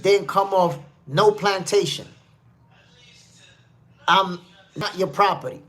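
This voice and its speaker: A man's voice: high-pitched, takes it slowly, pauses often, sharp tone. A man from New City, hosting a live stream and giving casual commentary while reading the chat, emphatic and repetitive. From New York City. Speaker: livestream host.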